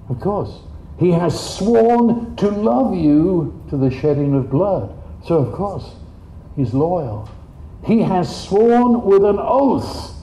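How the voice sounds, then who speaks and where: A man preaching a sermon in an animated way, jumping up in pitch for quoted voices. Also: slight background noise. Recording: dull, echoey room.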